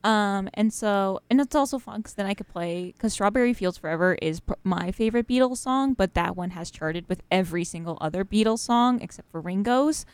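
A young woman chats loosely between songs on a college radio show, full of fillers and easy laughs. Her voice is smooth and resonant. The studio sound is dry and close. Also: mid-range voice, brisk, few pauses, no echo. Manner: chatty, rambling, laughs often, many fillers.

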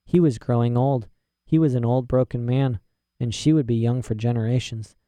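Man with a very dark, mellow voice. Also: medium pitch, steady tone, moderate pace, no echo. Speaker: audiobook narrator. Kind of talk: storybook narration.

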